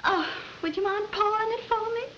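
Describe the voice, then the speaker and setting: A woman's voice: extremely high pitch, fairly quick, a bit bright, slight background noise. An actress playing a scheming young woman who fakes a swooning southern belle with a put-on Southern drawl, in 1940s film style. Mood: wheedling. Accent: put-on American Southern. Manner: breathy, melodramatic, coy. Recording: muffled 1940s film soundtrack.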